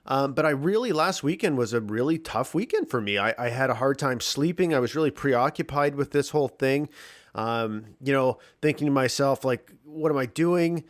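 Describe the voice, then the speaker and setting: A man hosting his podcast alone from his home basement, talking candidly with a morning voice, clearing his throat, swearing and restarting sentences. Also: medium pitch, animated, normal speed. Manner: candid, rambling, swears freely, frequent restarts. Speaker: podcast host. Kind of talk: casual solo podcast monologue.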